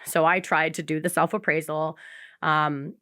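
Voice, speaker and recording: A woman's voice: sits low, little pitch movement, moderate pace, a bit bright, no echo, clean studio sound. A woman guest on a podcast, speaking candidly in casual chat and acting out quotes as she tells her story.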